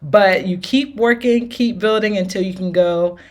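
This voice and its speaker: A woman's voice: mid-range voice, unhurried. A woman teaching an R&B singing lesson with demonstrations, upbeat and encouraging, often checking in with her students. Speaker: vocal coach.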